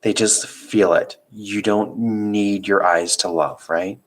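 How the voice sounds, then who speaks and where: A tired, gentle mother speaks slowly and in a hush, voiced by a man reading aloud. The voice underneath is low and deep. It is a storybook reading with a soft, soothing delivery. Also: steady tone.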